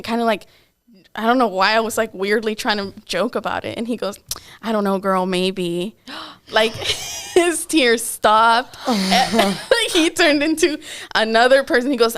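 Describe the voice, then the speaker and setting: A woman's voice: a little high, moderate pace, a bit bright. A young woman co-hosting a podcast, casually telling a personal story with lots of "like" and acted-out quotes. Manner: candid, lots of "like" and quoted asides. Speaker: podcast co-host.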